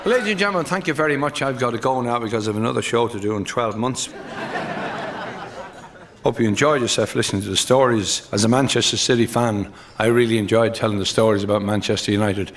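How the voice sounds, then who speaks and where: Irish stand-up comic, gravelly mid-range voice, chuckles through his own gags. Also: medium pitch, a crowd in the background, noisy background. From Ireland. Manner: laughs at his own jokes; tells jokes with quick put-on voices for the characters. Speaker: stand-up comedian. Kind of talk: stand-up joke telling.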